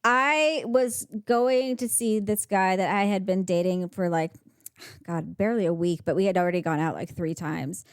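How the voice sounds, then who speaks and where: A woman talks in a casual podcast chat, quick with quips and laughter as she tells her own date story. Her voice sits mid-range and sounds dry and close. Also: medium pitch, smooth, no room sound. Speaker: podcast co-host.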